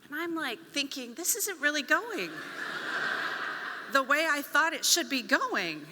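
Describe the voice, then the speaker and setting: A woman's voice: high voice, slow, very noisy. A middle-aged woman giving a storytelling talk on stage, acting out the voices of the people in her story. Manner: animated, acts out quoted voices. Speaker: conference speaker; speech pathologist. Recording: long reverb of a hall.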